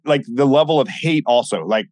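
A man guesting on a podcast, telling stories in a blunt, animated way and acting out what people said. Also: medium pitch, moderate pace, no echo. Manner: animated, blunt, swears often, acts out quoted dialogue. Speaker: podcast guest, former military instructor. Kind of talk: casual interview storytelling.

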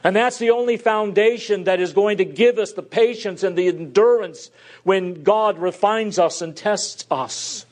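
Earnest preacher, a man with a slightly high voice. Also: measured pace. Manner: earnest, shifts between loud emphasis and soft drops. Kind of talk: expository sermon.

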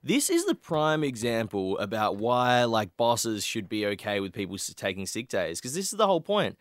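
A man's voice: fairly low pitch, wildly swooping pitch, moderate pace, dry recording, studio quality. A man, nasal from a cold, bantering and asking questions as podcast host. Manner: jokey, banters, asks questions. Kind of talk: casual chat.

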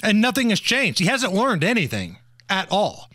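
A man's voice: sits high, huge pitch swings, moderate pace, pushed and bright, no echo. A man co-hosting a political podcast, speaking in a mocking, casual tone and laughing often. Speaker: podcast co-host.

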